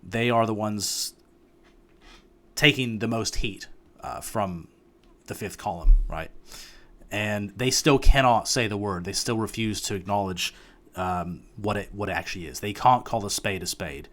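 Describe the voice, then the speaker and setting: Brief: male reaction host, halting, restart-heavy commentary. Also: fairly low pitch, fairly bright tone. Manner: hesitant, many restarts, frustrated. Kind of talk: casual commentary.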